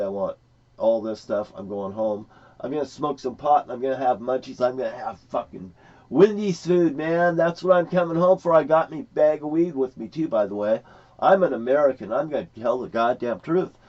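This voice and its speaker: A man's voice: medium pitch, darkish tone. A man ranting in a rambling, profane, angry way about his experiences. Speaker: vlogger. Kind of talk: rambling personal rant. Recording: dull lo-fi recording.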